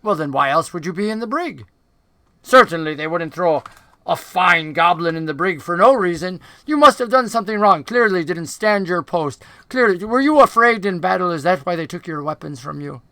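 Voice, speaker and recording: A man voicing a ghostly dark male goblin sailor who speaks in an archaic, long-winded way. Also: high-pitched, expressive, moderate pace, no echo, heavily acted. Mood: scornful.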